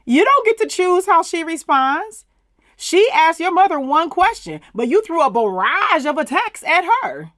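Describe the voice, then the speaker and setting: A woman's voice: very high voice, very animated, a little slow, a bit bright, no room sound, clean studio sound. A woman hosting a casual recap channel, sassy and emphatic, with slangy turns of phrase and mocking laughs. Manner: sassy, emphatic, uses southern slang like "plumb fool". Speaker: commentary channel host. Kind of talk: casual reality-TV recap commentary.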